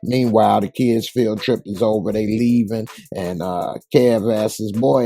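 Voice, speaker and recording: A man's voice: fairly low pitch, moderate pace, gravelly, hardly any pauses, mellow. A man casually recapping a TV episode, retelling scenes in slang and acting out the characters' lines. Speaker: TV show reviewer.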